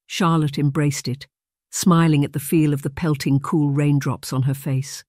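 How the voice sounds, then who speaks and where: Steady audiobook narrator, dry close sound. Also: medium pitch, normal speed, no echo.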